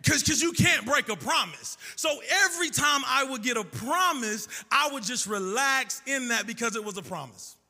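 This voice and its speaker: A man with a high, very bright voice preaches in a musical, sing-song cadence. He slips into the voices of the people in his stories as he goes. The sound carries a long reverb, as in a large church hall. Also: expressive, moderate pace, gravelly, hardly any pauses, soft background music. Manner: storytelling with acted-out dialogue. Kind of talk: sermon.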